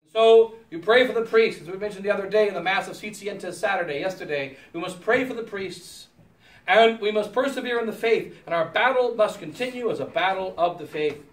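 A man, a priest, preaching an emphatic sermon that rises to forceful exclamations, heard in a chapel. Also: high voice. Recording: echoey church from far off.

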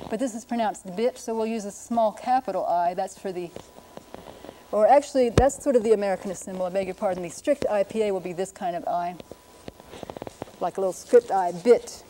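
A middle-aged woman teaches a lesson in a patient, explanatory way, slowing down to demonstrate how words sound. Her voice is mellow and warm at a middle pitch. A faint hiss sits under the recording. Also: poor audio. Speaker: linguist presenter. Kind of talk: educational lecture.

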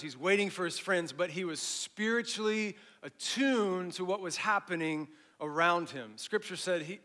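A middle-aged man preaching a sermon as pastor, with animated emphasis that drops to a hush at phrase ends and casual asides to the congregation. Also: sits high.

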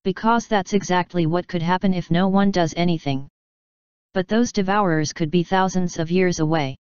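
A woman's voice: on the low side, moderate pace, darkish tone, clear, resonant tone, no echo, muffled recording, lightly acted. A woman voicing a mischievous, snooty male chaos spirit in a storybook reading, with a sneering manner.

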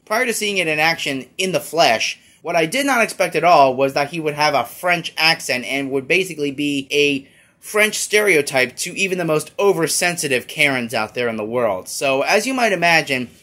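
A man's voice: a little high, pushed and bright. A man giving a casual, rambling toy review with many fillers. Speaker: toy collector YouTuber.

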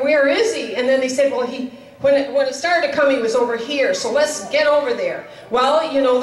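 A woman telling a story at a chapel service, acting out the dialogue in a casual, conversational way. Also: high-pitched. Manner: retells a story with quoted dialogue, conversational fillers. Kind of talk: sermon storytelling. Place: chapel hall. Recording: echoey hall, voice from far off.

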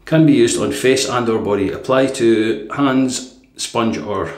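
A man giving a casual running commentary while he shaves in a bathroom, talking quietly and thinking aloud with lots of fillers. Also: medium pitch, unhurried. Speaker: shaving video host. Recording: echoey bathroom with faint noise.

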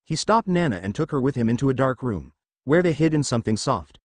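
A man narrating a fan fiction story in an expressive reading style. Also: mid-range voice, quick pace, no room sound.

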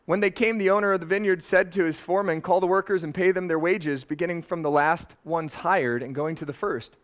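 A middle-aged man preaching a sermon, lively and laughing, rising loud and dropping soft. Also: sits high, fairly quick, muffled recording. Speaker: pastor. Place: church sanctuary.

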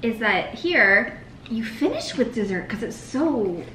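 A woman's voice: a little high, very animated, measured pace, pushed and bright. A young American woman co-hosting a food video, chatting casually and laughing often as she eats. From United States. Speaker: co-host. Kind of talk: casual chat while eating. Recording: echoey room with faint noise.

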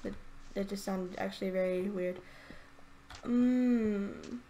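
An excitable woman narrates her gameplay in loose, gushing commentary, stumbling and repeating herself as she goes. Her voice sits at an ordinary middle pitch. A faint hum runs under the recording. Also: slow pace, muffled recording. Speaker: let's play gamer.

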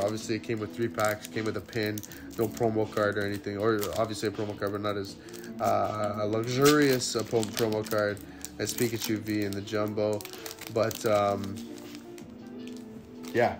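A man hosts a casual card-opening video, talking straight to his viewers. He is excitable, his voice leaping up high at good pulls before sinking back to soft murmurs. Music plays clearly behind him. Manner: excitable, jumps up high when hits appear, then drops to low murmurs. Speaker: card-opening channel host. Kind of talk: casual unboxing chat to viewers. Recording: music playing under the voice.

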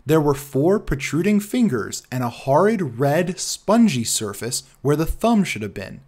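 A man narrating a classic detective story as an audiobook in an expressive storytelling manner. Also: on the high side, a little slow.

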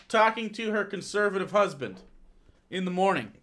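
A man's voice: sits high, animated, moderate pace, sharp tone. A man streaming live, reacting to a clip in a sarcastic, profane rant.

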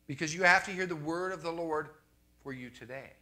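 A man's voice: a little high, a little fast, pushed and bright. A Canadian man preaching a sermon in a conversational way, repeating his refrains and often checking in with the congregation.

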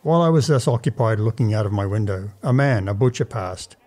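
A man reading a classic tale aloud in a measured, dramatic first-person narration. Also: on the low side, expressive, warm tone. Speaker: audiobook narrator.

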